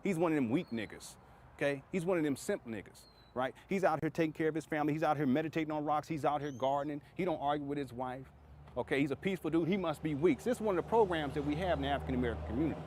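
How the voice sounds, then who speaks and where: A man vlogs outdoors, telling a long story at a brisk clip and circling back over his points. His voice sits a little high, and faint traffic and street sounds hang in the background. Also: a little mellow. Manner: rambling, repeats himself, conversational. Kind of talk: storytelling vlog.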